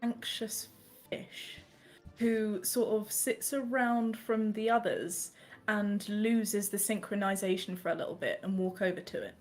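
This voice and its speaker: A woman's voice: mid-range voice, fairly even intonation, a little slow, soft background music. A woman playing a tabletop game, asking questions in a tentative, giggly way. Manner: tentative, asks permission, giggly. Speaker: player.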